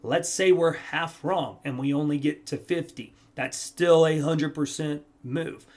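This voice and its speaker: A man casually talking viewers through stock charts, energetic and rambling, correcting himself as he goes. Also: a little high, unhurried. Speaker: stock trading youtuber. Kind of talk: casual chart analysis talk.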